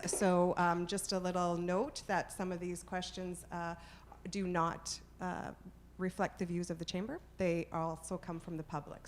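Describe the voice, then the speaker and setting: A woman hosts a televised candidates forum. She talks in a chatty, informal way, with fillers and quick corrections, at a middling pitch. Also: slight background noise. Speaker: forum moderator.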